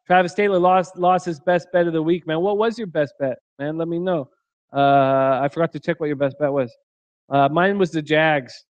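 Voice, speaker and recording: High-voiced man hosting a crude, laughing stream. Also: no room sound. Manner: crude, joking, laughs often. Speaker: sports betting show host. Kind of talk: live-stream chat reading. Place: hotel room.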